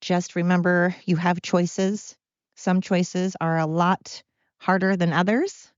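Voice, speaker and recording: A woman's voice: fairly low pitch, steady tone, slow, smooth, dry recording, dull audio. A tired woman hosting her podcast at home, talking in a rambling, candid monologue. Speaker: podcast host. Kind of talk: casual personal monologue. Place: at home with pets.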